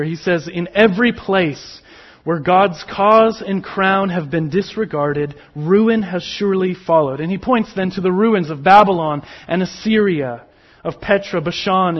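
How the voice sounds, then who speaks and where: A man preaching a sermon, slow and emphatic, with sudden drops to a near whisper on key words. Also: high voice, muffled recording. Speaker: pastor.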